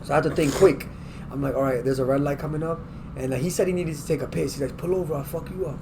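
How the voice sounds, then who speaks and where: A man's voice: fairly high pitch, fast, noisy background. A man co-hosting a casual podcast, telling a story with lots of swearing and acted-out quotes. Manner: animated storytelling, acts out quotes, swears a lot. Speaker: podcast co-host. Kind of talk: casual chat.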